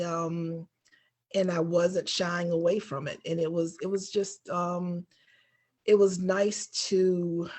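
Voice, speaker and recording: A woman's voice: fairly low pitch, darkish tone. A woman who took a workshop, sharing her experience casually and hesitantly over a video call, with many ums. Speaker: workshop participant.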